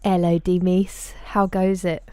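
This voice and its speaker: A woman streamer talks casually to her viewers, greeting them by name and answering their messages one after another. Her voice sits a little low and sounds mellow and relaxed. The sound is close and dry, from a desk microphone in a room at home. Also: unhurried, smooth, no room sound. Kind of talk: casual live-stream chat.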